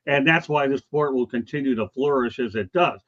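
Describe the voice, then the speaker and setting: A man's voice: medium pitch, a little fast, a bit bright, dull audio. A man hosting a sports talk show, casual and emphatic, pushing his opinions hard. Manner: emphatic, opinionated, keeps saying okay.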